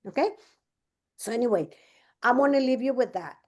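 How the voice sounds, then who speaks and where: A woman's voice: fairly high pitch, animated, normal speed. A woman coaching a business team in a casual talk, telling a story and acting out both sides of the conversation. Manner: chatty, many fillers and restarts.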